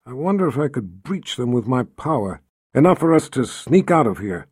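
A man's voice: medium pitch, sing-song, moderate pace, darkish tone, breathy edge, no room sound. A male narrator voicing a weary, wry older wizard, grumbling dryly. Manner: grumbling, dry.

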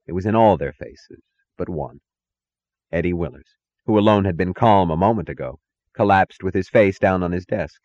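A man narrating a novel in a measured, dramatic reading that gives each character its own voice. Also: low voice, darkish tone, no room sound, dull audio. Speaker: audiobook narrator. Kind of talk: scripted narration.

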